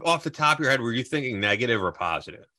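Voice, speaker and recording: Lively male podcast host. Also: medium pitch, very fast. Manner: eager, probing questions. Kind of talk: interview questions.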